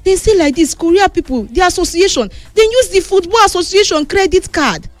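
A woman with a Nigerian Pidgin accent presenting a chatty sports news roundup, moving between excited and somber tones. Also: extremely high pitch, fairly quick, no room sound, soft background music. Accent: Nigerian Pidgin English.

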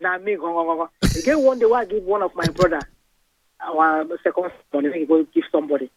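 A man with a Nigerian accent calling in to a radio show, telling a rambling story in an excitable way. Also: a little high, fast talker. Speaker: caller. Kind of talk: phone-in storytelling. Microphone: phone. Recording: dull phone-line audio.

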